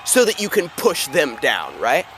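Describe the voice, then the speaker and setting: A man narrating a tabletop game as game master, animated and rambling with many fillers. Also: a little high, measured pace, a faint crowd, a little hiss or hum, low-quality recording.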